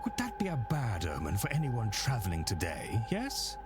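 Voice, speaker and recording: Sly guest, very swooping intonation, loud music under the voice. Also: male voice, lowish voice, huge pitch swings, moderate pace. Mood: wry.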